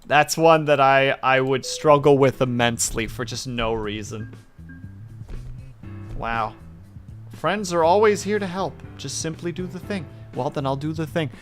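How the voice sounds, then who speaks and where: A man's voice: mid-range voice, measured pace, faint music behind. A man casually chatting with viewers while streaming a game, playful and jokey. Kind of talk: casual gaming stream chat.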